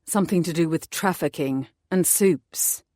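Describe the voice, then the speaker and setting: A woman voicing a calm, protective male vampire who speaks in a measured, dark way. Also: lowish voice, dry recording, clean studio sound, lightly acted.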